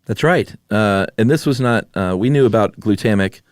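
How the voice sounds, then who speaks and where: A man co-hosts a podcast in relaxed conversation, easygoing and drawling, with plenty of "uh" fillers. His voice sits low for a man. The recording is dry and close-miked. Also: normal speed, no echo. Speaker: podcast co-host. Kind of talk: casual chat.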